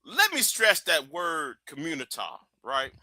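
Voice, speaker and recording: A man ranting on his livestream in a high, very bright voice. He is blunt, profane and emphatic, and the sound is dry and close. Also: lively intonation, a little slow, no echo. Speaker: livestream host. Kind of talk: heated commentary rant.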